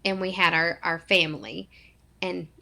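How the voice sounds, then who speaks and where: A woman in her thirties, from Arkansas, tells a deeply personal story as a podcast guest. Her voice sits fairly low and has a gravelly, creaky texture. She talks earnestly and acts out the words of the people in her story. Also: steady tone, normal speed, sharp tone. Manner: earnest, emotional storytelling with acted-out quotes.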